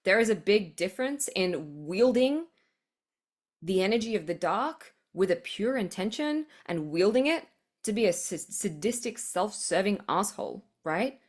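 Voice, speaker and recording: A woman's voice: medium pitch, animated, a little slow. A woman hosting a spiritual podcast, talking passionately in a monologue, swearing freely and laughing often. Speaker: podcast host.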